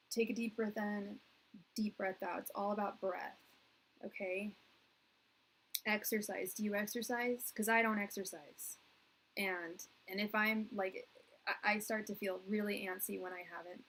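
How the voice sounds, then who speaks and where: A woman's voice: medium pitch, fairly bright tone, rough recording. Rambling woman in her thirties reading tarot. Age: 30s. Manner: rambling, earnest, heavy use of "like" and restarts. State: tearing up. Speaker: tarot reader. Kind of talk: live-stream tarot reading.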